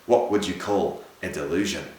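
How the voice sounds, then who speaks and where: Brief: man voicing a haunted Victorian sea captain, unstable, lurching from wild shouts to low murmurs, heavy room echo. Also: moderate pace, lightly acted. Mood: sardonic. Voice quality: swings from shouting to hushed murmurs. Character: feverish haunted male ship captain, unstable. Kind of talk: audiobook reading of a Victorian ghost story. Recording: very echoey room.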